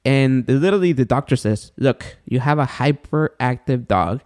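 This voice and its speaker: A male podcast co-host chats casually, telling stories with animation and acting out the voices of the people in them. His voice is mid-range and his pace moderate.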